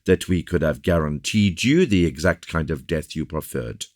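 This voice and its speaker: A man's voice: rumbling low, lively intonation, normal speed, darkish tone, dry recording, studio quality. A man voicing a polite, gallant young male officer, reading in an eager, courteous manner.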